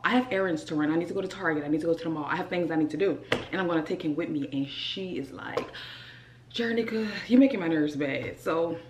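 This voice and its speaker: In an echoey room with a touch of hiss or hum, a young vlogger speaks in a fairly low voice. She has a Southern accent from the New Orleans area and talks casually and animatedly to viewers, calling them "y'all" and "child."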